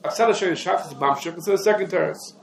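A man teaching a lecture on Jewish law, explaining rapidly and peppering his English with Hebrew legal terms. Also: on the high side, creaky. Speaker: rabbi teaching a class. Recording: echoey room.

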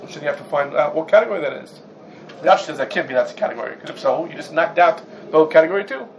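Man, raised pitch, animated Talmud class lecturer. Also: very fast, slight background noise, rough recording. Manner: animated, rhetorical questions, mixes Hebrew and Yiddish terms. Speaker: Torah class teacher.

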